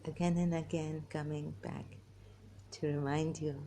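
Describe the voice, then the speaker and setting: A woman talking to her viewers in a rambling personal monologue, halting and giggly, often restarting and trailing off. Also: sits low, little pitch movement, dark tone, slight background noise. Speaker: vlogger.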